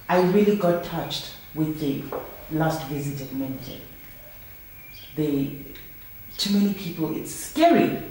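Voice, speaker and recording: A woman's voice: fairly low pitch, dark tone, a little hiss or hum. Impassioned woman, roomy distant sound. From South Africa. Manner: impassioned, emphatic rhetorical questions. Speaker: project founder. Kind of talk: interview.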